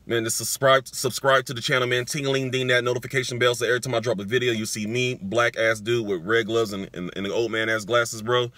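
A man's voice: medium pitch, quick pace, few pauses, dry recording. A young adult man hosting a casual sneaker unboxing vlog, emotional and slangy, talking straight to his viewers. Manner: excitable, emotional, slangy, addresses viewers directly. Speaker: sneaker vlogger.

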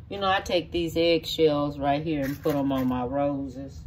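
A middle-aged rural woman gives a casual cooking demonstration in her home kitchen, walking viewers through each step of a recipe in a homey, folksy way. Her voice is low and darkish, with fairly even intonation and a measured pace, and she's far from the mic.

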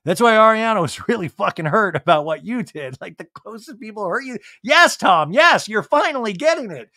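A man's voice: a little high, a bit bright, no room sound, clean studio sound. A man hosting a podcast, giving a comedic reality TV recap full of jokey asides. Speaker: podcast host.

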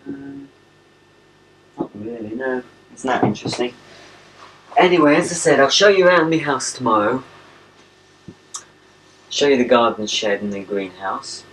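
A man's voice: medium pitch, a little slow, long pauses, a bit bright. A young English man chatting playfully to a pen pal on a home video, cooing at his dogs. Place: at home, indoors. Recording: old home video, distant mic, faint hiss.

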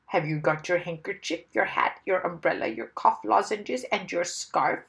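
A woman's voice: fairly low pitch, normal speed, vocal fry, fairly bright tone. A woman voicing a prim, bossy talking parrot that scolds in a haughty tone. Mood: fussy.

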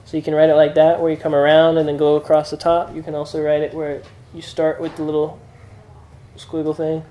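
A young man casually teaching letters to a small group, relaxed and chatty. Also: on the high side, fairly quick, slight background noise, low-quality recording. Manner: relaxed, chatty, with fillers and laughs.

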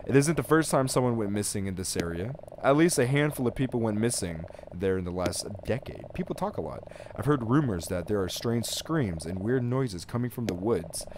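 A man voicing a calm middle-aged male gas station clerk in a horror game, speaking low, soft and measured. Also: noisy background, close to an everyday voice.

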